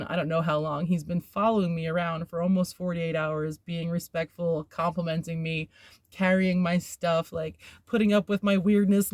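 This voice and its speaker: A woman's voice: lowish voice, darkish tone, dry recording, clean studio sound. A woman hosting a podcast, telling a personal story in a candid, rambling way, with filler words and nervous laughs. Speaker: podcast host.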